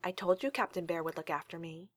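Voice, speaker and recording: A woman voicing a small, brave, stubborn girl in a storybook reading, using a high childlike voice. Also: fairly even intonation, fast, fairly bright tone, dry recording. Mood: reproachful. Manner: high babyish little-girl voice.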